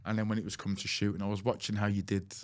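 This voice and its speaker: A man's voice: on the low side, level tone, very fast. A man hosting a podcast, chatting with loose, casual grammar and open admiration for his guest. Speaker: podcast host. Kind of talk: casual interview chat.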